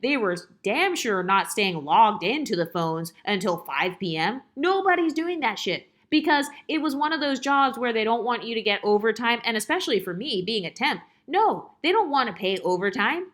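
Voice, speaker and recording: A woman's voice: fairly high pitch, sing-song, normal speed, hardly any pauses, fairly bright tone. A woman telling a casual storytime, exasperated and sarcastic, firing off rhetorical questions with salty, profane language. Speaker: storytime vlogger.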